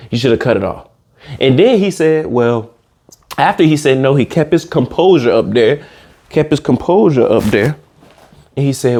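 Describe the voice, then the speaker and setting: A man doing comedic reaction commentary in an animated, profane rant. His voice sits a little high and swings widely in pitch, rising sharply when he gets worked up. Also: moderate pace. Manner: animated, ranting, slangy and profane.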